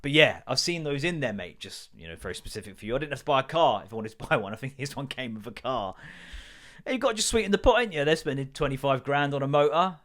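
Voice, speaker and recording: This solo podcast host, a man in his thirties, talks fast with few pauses, his mid-range voice expressive and fairly bright. He tells sweary, comic stories and keeps slipping into mock voices.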